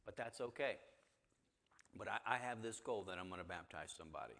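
A man's voice: on the low side, brisk, creaky, fairly bright tone, long reverb tail. A man leading an interactive Bible class, talking conversationally and asking the group questions. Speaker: church teacher. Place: church hall with a group.

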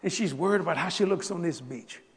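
A man preaching a sermon as a story, animated, swinging from soft asides to loud bursts. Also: on the high side, quick pace. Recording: long hall reverb.

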